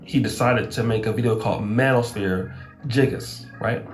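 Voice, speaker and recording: A man in a played clip, giving measured, explanatory commentary on another creator. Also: fairly low pitch. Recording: roomy echo with faint music.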